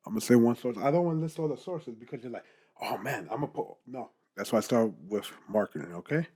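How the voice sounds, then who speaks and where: A young man, a podcaster, giving casual advice straight to the camera in a lively, animated way. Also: mid-range voice, fast talker. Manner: animated, talks straight to the viewer, keeps asking "guess what?".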